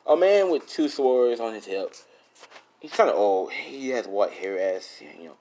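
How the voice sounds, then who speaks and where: A man's voice: mid-range voice, animated, a little slow, darkish tone, a little hiss or hum. A young man casually improvising a fan story, rambling, swearing and correcting himself as he goes.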